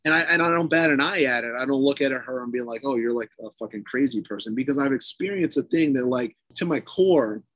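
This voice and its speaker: A man's voice: mid-range voice, fairly quick, hardly any pauses, no room sound. A man, a podcast guest, casually tells a long ghost story with lots of swearing and fillers. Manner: profane, animated, lots of fillers.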